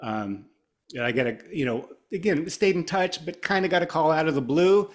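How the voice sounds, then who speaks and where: A man's voice: on the high side, moderate pace. A middle-aged man from Ohio, a guitarist being interviewed, telling long rambling stories in casual chat and acting out the people he quotes. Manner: rambling, animated, acts out quoted voices. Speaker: guest guitarist.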